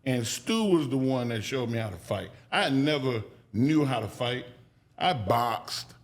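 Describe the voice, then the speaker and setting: Guy spinning loud stories on a podcast, swears a lot, does the voices of people he quotes. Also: mid-range voice, measured pace, a little hiss or hum. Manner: animated, acts out quoted people with raised voice; casual, profane. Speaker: guest. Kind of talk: storytelling in a podcast interview.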